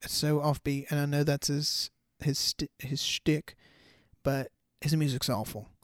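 A man's voice: fairly high pitch, little pitch movement, unhurried, no echo, clean studio sound. A man hosting a podcast alone, talking in a loose, chatty, profane way with lots of fillers and restarts. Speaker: podcast host. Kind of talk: casual solo podcast rant.

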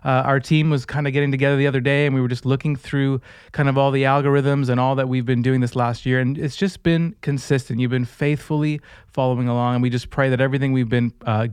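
A man's voice: mid-range voice, darkish tone, clear, resonant tone, no echo, studio quality. A man hosting a faith podcast in an upbeat, joking, chatty manner. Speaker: podcast host. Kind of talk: casual podcast chat.

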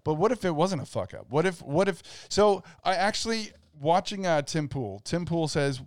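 A man's voice: fairly high pitch, lively intonation, moderate pace, no room sound, studio quality. A man co-hosting a podcast, explaining theories in a loose, rambling way. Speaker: podcast co-host. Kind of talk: casual podcast banter.

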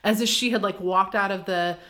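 A woman co-hosting a podcast, recapping a book in casual chat, full of fillers and quick laughs. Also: medium pitch, fairly even intonation, bright, forceful tone. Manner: chatty, filler-heavy, laughs often. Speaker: podcast co-host.

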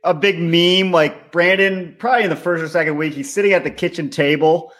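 A podcast co-host talking bluntly and with lots of profanity. His voice sits a little high, and the chat stays casual. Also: steady tone, fairly quick, a bit bright.

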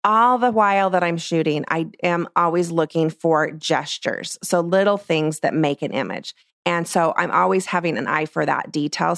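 A middle-aged woman, a portrait photographer, explaining her craft in a casual, animated way and acting out what she says to clients. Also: fairly low pitch, gravelly, no echo, clean studio sound. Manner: lively, acts out what she tells clients. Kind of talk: casual teaching talk.

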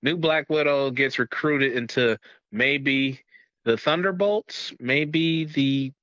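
A man's voice: medium pitch, slow pace, fairly bright tone, dry recording. A man co-hosting a casual movie review podcast, joking and chiming in with wry remarks. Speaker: podcast co-host. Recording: dull lo-fi mic.

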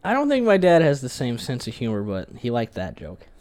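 A man's voice: mid-range voice, wildly swooping pitch, fairly quick, darkish tone. A young man in loose, casual chat with a friend. He swears freely and likes telling jokes.

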